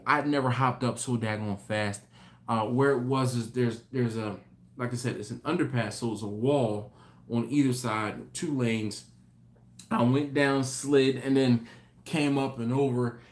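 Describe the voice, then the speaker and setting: A man hosting a live stream, telling a story in an animated, rambling way with many restarts. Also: medium pitch. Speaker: host. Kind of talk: casual live-stream chat.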